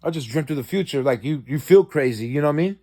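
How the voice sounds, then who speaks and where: A man's voice: animated, fast. Rambling, profane man telling a dream. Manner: rambling, profane, many fillers and restarts; acts out quoted lines with sharp jumps in pitch. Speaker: vlogger recounting a dream. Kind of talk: casual rambling storytelling.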